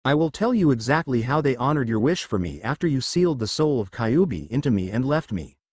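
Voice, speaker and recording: A man voicing a cold, bitter teenage boy ninja in a fanfiction read-aloud, speaking in a flat monotone. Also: mid-range voice, brisk, slightly rough. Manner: flat monotone, quietly seething.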